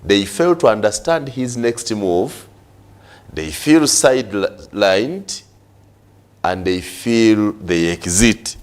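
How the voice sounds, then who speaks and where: A man's voice: on the low side, lively intonation, slow pace. A Ugandan man on a press review talk show, arguing hard and firing off rhetorical questions, switching between English and Luganda. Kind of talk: studio press review debate.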